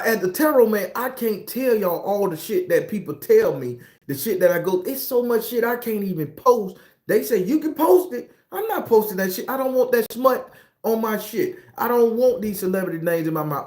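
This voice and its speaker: A man, a tarot reader, ranting in a casual monologue in a profane, animated, preachy way. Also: high-pitched, roomy sound.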